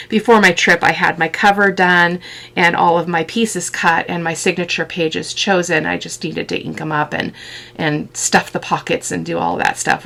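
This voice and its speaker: Low gravelly-voiced woman crafting. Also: a bit bright. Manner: chatty, fond of tiny details, thinks aloud. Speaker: craft video host. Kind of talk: casual crafting walkthrough.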